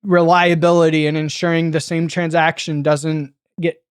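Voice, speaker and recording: A man hosting a casual tech podcast, talking quickly and laughing often, now and then putting on joking voices. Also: on the high side, little pitch movement, smooth, no room sound, studio quality. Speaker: podcast host.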